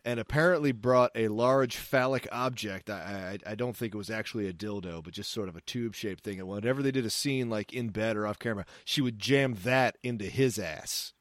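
A man's voice: on the low side, a little fast, hardly any pauses, no echo. Podcast co-host, male, crude and rambling, dry recording. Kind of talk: casual chat.

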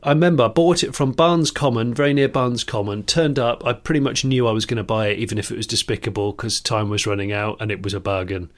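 A man's voice: fairly low pitch, fast, few pauses. Rambling British man telling car stories. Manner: rambling, anecdotal, with frequent restarts and chuckles. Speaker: podcast co-host. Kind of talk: casual chat.

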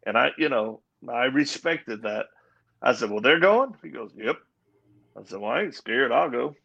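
A man's voice: mid-range voice, lively intonation, moderate pace, creaky, a bit bright, slightly rough, dull audio. A man giving his personal testimony as an interview guest, earnest and acting out the voices in his story. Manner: earnest storyteller, acts out quoted dialogue. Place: live event at a Christian coffee house.

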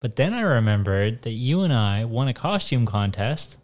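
A man's voice: medium pitch, big pitch swings, moderate pace, darkish tone. A man co-hosting a casual podcast, talking in a laid-back, rambling way that often trails off. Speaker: podcast co-host. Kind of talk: casual chat.

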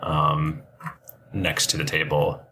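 A man narrating as game master of a tabletop game, halting with many fillers and restarts. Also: extremely low pitch, completely flat delivery, sharp tone, a little hiss or hum.

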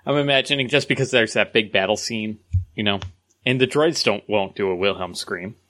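A man's voice: fairly low pitch, a little fast, bright, forceful tone. A man competing in a casual trivia game, teasing the host playfully. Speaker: trivia contestant. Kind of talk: casual chat.

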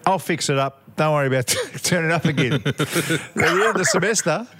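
Australian man, slightly high voice, chatty, laughing, lively storytelling. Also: a little fast. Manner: laughs often, tells stories animatedly. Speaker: podcast co-host. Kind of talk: casual chat.

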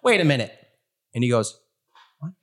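A game master with a very lively voice narrates a tabletop game. The pitch swings widely as the voice jumps from plain narration into one character after another. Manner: quick voice switches between narration and characters.

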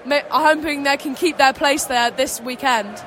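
Bright high-voiced young female co-commentator. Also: moderate pace, slight background noise. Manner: chatty, many "I mean" and "um" fillers. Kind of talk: casual match analysis. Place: outdoor stadium stand.

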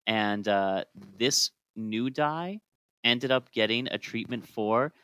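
Bright-voiced man explaining chemistry history. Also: medium pitch, slow pace, clear, resonant tone, dry recording, poor audio. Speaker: podcast co-host. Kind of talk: casual conversational podcast.

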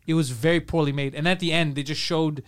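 A man's voice: a little high, fairly even intonation, quick pace, clean tone. A man hosting a comedy podcast, rambling through crude stories in casual chat and acting out the scenes. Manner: crude, rambling storyteller who acts out scenes.

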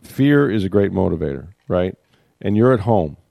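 Animated man on sports talk. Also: low-pitched, normal speed, gravelly, dry recording, clean studio sound. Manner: animated, acts out quotes, repeats words.

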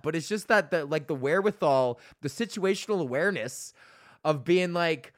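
A man hosting a podcast, telling a profane, animated story in a casual rant, often laughing. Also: fairly high pitch, moderate pace, no room sound, studio quality. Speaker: podcast host. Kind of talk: casual ranting monologue.

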